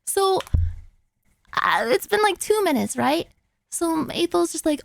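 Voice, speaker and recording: A young woman streamer tells a story in casual chat, her voice pitched high with a gravelly fry running through it. She is animated and sweary, leans on fillers, and acts out the lines of the people in her story. She is close to the mic in a dry, dead-sounding space. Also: measured pace, no room sound.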